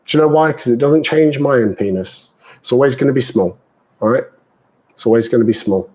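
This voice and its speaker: A man's voice: medium pitch, brisk, a little mellow, natural voice. A man doing a blustering British politician. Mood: joking.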